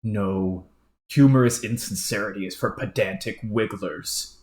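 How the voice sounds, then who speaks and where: A woman's voice: extremely low pitch, a little slow, a little mellow. A woman voicing a stiff, haughty male troll aristocrat who speaks in a formal, stilted way, in a roomy-sounding recording. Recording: roomy echo.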